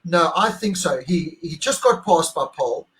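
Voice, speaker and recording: A man's voice: a little high, lively intonation, a little slow, a bit bright, low-quality recording. A man co-hosting a casual motorsport debrief over a video call, emphatic and argumentative, repeating his points. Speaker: co-host.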